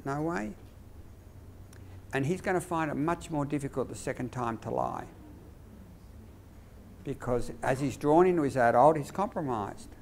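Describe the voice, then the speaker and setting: A man teaching behaviour management to teachers, acting out classroom dialogues in a lively way. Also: mid-range voice, moderate pace, a little hiss or hum. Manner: lively, demonstrative, acts out dialogues. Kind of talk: teacher training workshop.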